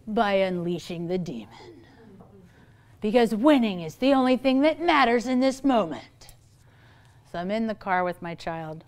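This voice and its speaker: Smooth, higher-voiced woman therapist. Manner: humorous, chatty, acts out quoted people. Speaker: family therapist giving a parenting talk. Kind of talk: lively talk to an audience of parents.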